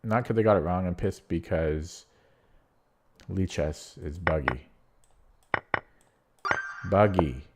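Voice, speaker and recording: A man's voice: sits low, takes it slowly, long pauses, a little hiss or hum. A man streaming chess, thinking aloud while solving puzzles, muttering to himself and getting frustrated.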